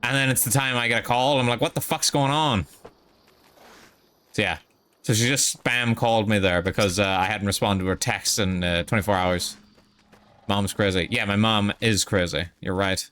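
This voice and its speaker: A man's voice: on the low side, steady tone, moderate pace, a bit bright, smooth. A young man streaming a game live, talking in a casual, rambling and profane way.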